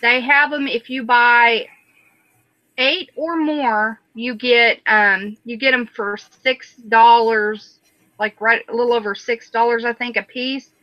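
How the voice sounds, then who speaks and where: A woman hosts a casual online panel, chatting and reading viewer comments aloud. Her voice sits fairly high. The call audio is dull, lo-fi and dry. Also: no room sound. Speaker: panel host.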